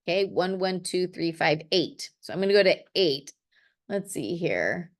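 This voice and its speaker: A woman's voice: fairly low pitch, expressive, unhurried. A middle-aged woman teaching a poetry lesson. She thinks aloud while she writes and keeps checking in with "okay.". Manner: encouraging, checks in with frequent okays. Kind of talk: classroom-style poetry lesson.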